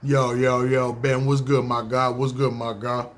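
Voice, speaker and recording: A man putting on the loud, comedic voice of a big, tall, bald, friendly guy who greets everyone. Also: mid-range voice, flat delivery, unhurried, lightly acted. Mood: hyped greeting. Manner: loud, gravelly, comedic impression.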